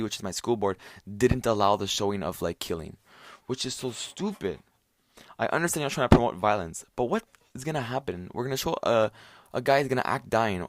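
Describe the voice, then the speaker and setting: A man's voice: medium pitch, dry recording, studio quality. A young man hosting a solo podcast, rambling with lots of fillers and restarts, tired and worn out. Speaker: podcast host.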